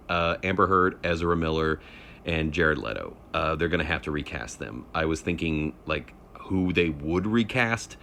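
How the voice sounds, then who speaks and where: A man's voice: low voice, fairly bright tone, a little hiss or hum. A man giving a casual spoken rant, rambling and hesitant with many fillers. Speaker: vlogger.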